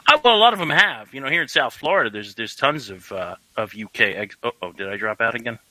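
A man's voice: medium pitch, animated, quick pace, sharp tone, no echo, rough recording. A man calling in to a talk show, ranting casually with heavy swearing. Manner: ranting, profane. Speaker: caller. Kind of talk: casual phone-in chat. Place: South Florida.

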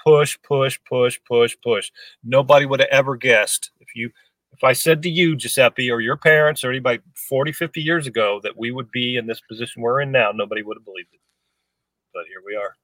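A man's voice: medium pitch, fast talker, fairly bright tone, no echo, low-quality recording. A man co-hosting a podcast over an online call, talking emphatically with many restarts. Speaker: podcast co-host. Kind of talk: casual chat.

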